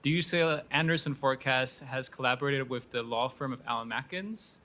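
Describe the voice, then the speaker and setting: Fast-talking male moderator, bright crisp voice, formal introductions at a conference. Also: medium pitch. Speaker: event moderator. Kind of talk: introducing speakers. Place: conference venue.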